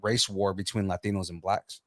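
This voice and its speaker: A man's voice: low-pitched, steady tone, normal speed, a bit bright, dry recording. A man co-hosting a podcast in casual chat, talking loosely with lots of fillers and jokes. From Central America. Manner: chatty, many fillers and restarts, joking. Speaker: podcast co-host.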